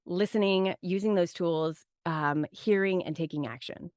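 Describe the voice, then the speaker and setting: A woman with a lowish, darkish-toned voice speaks at a measured pace as a podcast guest, with no echo in the recording. Her casual, reflective interview talk rambles, restarts, and is thick with "like" and "right?".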